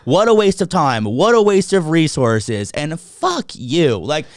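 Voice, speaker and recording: A young man co-hosting a podcast rants with heated, profane energy and slips into mocking cheerful voices to make a point. His voice sits a little high for a man, and the sound is close and dry, with no room around it. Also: big pitch swings, measured pace, dry recording. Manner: ranting, swears a lot, mocking voices. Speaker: podcast co-host. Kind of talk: casual podcast chat.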